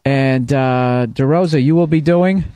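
A man's voice: medium pitch, unhurried, warm tone, smooth, dry recording. A man hosting a comedy radio show, setting up bits and teasing his co-host. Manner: teasing, sets up bits, stammering restarts.

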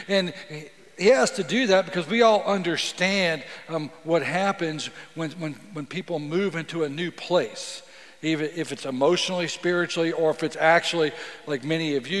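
A male pastor gives a loose, conversational sermon, often stumbling over and repeating his words as he gathers his thoughts. His voice sits a little higher than most men's, and it rings with the long reverb of a church sanctuary.

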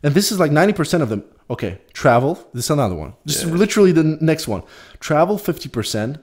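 A man's voice: fairly high pitch, very animated, fast talker, darkish tone. A young man co-hosting a podcast, chatting casually and reading out dating profiles with a mocking, profane tone. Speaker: podcast co-host. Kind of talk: casual chat.

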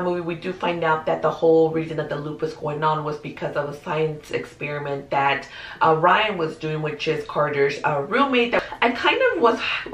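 A woman casually reviewing movies to her viewers, chatty and animated, with frequent fillers and asides to the audience. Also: deep voice, far from the mic. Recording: echoey room, voice a bit off-mic.

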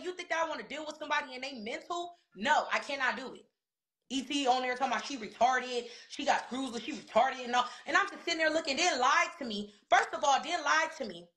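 A woman's voice: sits high, pushed and bright. A woman, a reality TV cast member, venting in a casual interview. She is heated, swears a lot and repeats words for emphasis.

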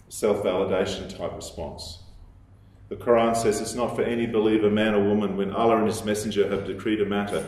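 A man with a lowish voice delivers a lecture in a strongly echoing room. He explains at a measured pace, quoting texts and pausing on the odd filler. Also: a little mellow. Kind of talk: recorded lecture. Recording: very echoey room.

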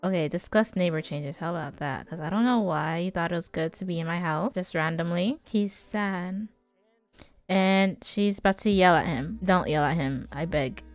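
A woman chatting casually as she comments on her own gameplay, playful and prone to sudden loud exclamations. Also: on the low side, moderate pace, dry recording, faint music behind. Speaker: gaming YouTuber.

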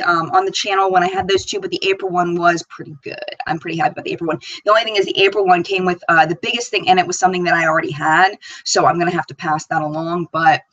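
A woman's voice: lowish voice, a bit bright, dry recording, dull audio. A woman hosting a live makeup chat stream, bubbly and chatty, reading viewer comments aloud. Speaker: beauty channel host.

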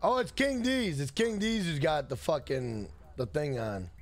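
A man's voice: a little high, animated, unhurried. A man chatting casually on a game live stream, rambling and swearing. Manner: profane, rambling banter.

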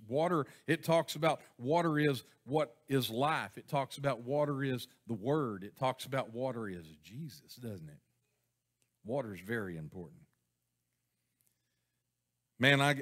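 A man's voice: mid-range voice, a bit bright. A man preaching a sermon to his church congregation, folksy and chuckling, often asking the people questions. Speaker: pastor. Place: church sanctuary.

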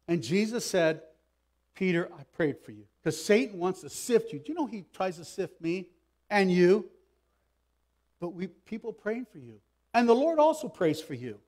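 Male pastor, fairly high voice, passionate sermon delivery with loud emphasis and quiet asides. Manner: acts out quoted speech with raised pitch. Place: church sanctuary.

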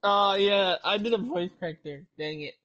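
Gaming friend, male, high voice, rambling casual explainer. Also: measured pace, pushed and bright, highs cut off. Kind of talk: casual gameplay chat.

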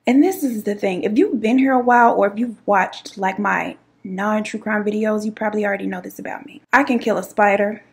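Speaking briskly with hardly any pauses, a woman with a medium-pitched voice tells a dramatic personal story to her YouTube viewers. Her delivery is sassy and chatty, and she calls the audience "child" and "girl."

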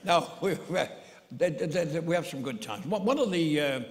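Old guy comic rambling on stage, gravelly, keeps restarting, long hall echo. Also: on the high side, expressive, normal speed. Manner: rambling, frequent stammered restarts, laughing. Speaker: comedian. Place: theatre stage.

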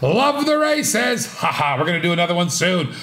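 A man's voice: sits high, sing-song, normal speed, pushed and bright, roomy sound. A man hosting a live online auction, with playful, rhythmic, repetitive patter. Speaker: auctioneer and channel host.

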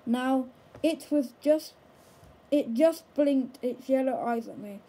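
A woman reading a children's book aloud in a slow, careful way, with occasional small stumbles over words. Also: high voice, warm tone, low-quality recording. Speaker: storybook reader.

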